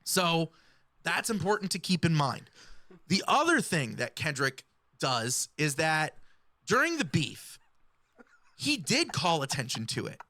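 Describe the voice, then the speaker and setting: A woman giving explanatory commentary in a video, speaking in a measured, analytical way. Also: low-pitched, sing-song, bright, forceful tone, no room sound. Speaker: music commentator.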